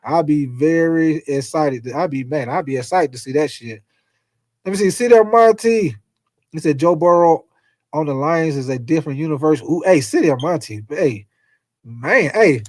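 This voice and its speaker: A man hosting a casual sports livestream, reading viewer comments and talking football with loose, profane, animated chatter. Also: fairly high pitch, moderate pace, no room sound. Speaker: sports talk livestream host.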